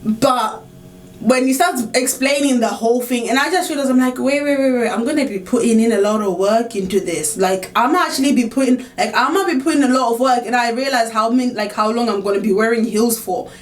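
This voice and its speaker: A young woman telling a storytime vlog, animated and indignant, with filler chatter and swearing. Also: on the high side, a little fast. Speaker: vlogger. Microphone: camera on tripod.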